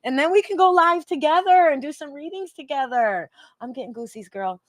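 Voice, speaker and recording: A woman's voice: high voice, expressive, brisk, no echo, clean studio sound. A woman from Michigan, a psychic hosting a live stream, chatting casually and emotionally, laughing often and repeating herself.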